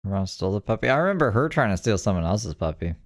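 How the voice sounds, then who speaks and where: A man's voice: fairly low pitch, sing-song, quick pace, dry recording, studio quality. A man reacting to a clip with casual, offhand commentary and chatty asides.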